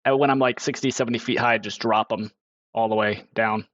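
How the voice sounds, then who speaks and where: A man's voice: fairly low pitch, fairly even intonation, a little fast, a bit bright. A man plays a comedic tabletop game, talking laid back with frequent hesitations. The sound is dull and lo-fi. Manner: casual, hesitant, with fillers. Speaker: player. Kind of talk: casual tabletop play.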